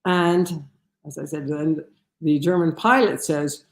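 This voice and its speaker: Animated woman telling a story on stage. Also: low-pitched, slow pace, roomy sound. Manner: animated, with frequent restarts. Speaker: lecturer. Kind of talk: storytelling lecture.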